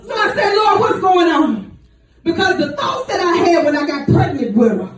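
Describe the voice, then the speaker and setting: Shouting woman preacher in echoey hall. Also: very high voice, very animated, moderate pace. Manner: shouting, emphatic, sing-song cadence. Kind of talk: fiery call-and-response sermon. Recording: echoey church hall, distant mic. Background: church music and responding congregation.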